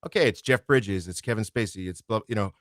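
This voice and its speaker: Chill guy narrator chatting on a podcast, lowish voice, super dry sound, kinda rambly. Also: quick pace, no room sound. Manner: relaxed, rambling, swears freely. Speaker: audiobook narrator guest. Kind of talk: casual podcast chat.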